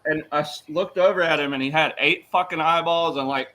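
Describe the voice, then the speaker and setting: A man hosting a podcast, telling a story in an animated way with big swings in loudness and laughter. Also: fairly high pitch, fairly quick, slight background noise, rough recording. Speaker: podcast host. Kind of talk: casual interview chat.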